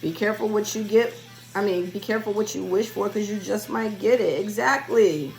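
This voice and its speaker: A woman's voice: mid-range voice, fairly quick, vocal fry, darkish tone, faint music behind, poor audio. A woman giving a spiritual reading in a casual solo vlog, chatty and rambling as she talks straight to her viewers. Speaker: spiritual reader.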